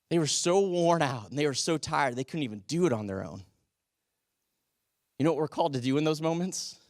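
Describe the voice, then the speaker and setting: Male teaching pastor with a high voice, casual sermon delivery full of rhetorical questions, dry recording. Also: dry recording. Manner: conversational, asks the congregation rhetorical questions.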